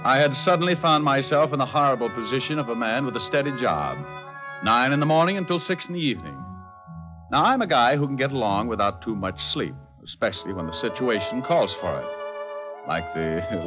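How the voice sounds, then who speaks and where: An actor playing a wisecracking private detective who narrates in a wry, laid-back way, in 1940s radio acting from a muffled old broadcast. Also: male voice, medium pitch, natural voice. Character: wisecracking male private eye.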